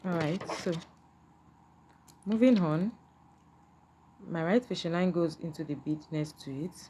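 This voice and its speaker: Low-voiced woman teaching a beading craft. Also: unhurried, noisy background. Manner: patient, repetitive, checks in with "can you see?". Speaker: beading tutor. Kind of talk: step-by-step craft tutorial.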